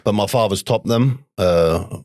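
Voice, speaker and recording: A man's voice: lowish voice, a little slow, a little mellow, dry recording, clean studio sound. A man with a Cockney accent, a podcast guest in casual chat, blunt and swearing freely. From England.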